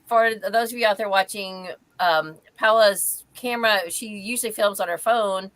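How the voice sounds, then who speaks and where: A woman's voice: mid-range voice, moderate pace, fairly bright tone, dry recording. A woman hosting a casual live book chat over a video call, chatty with frequent ums and easy laughter. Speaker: host of a live reading chat.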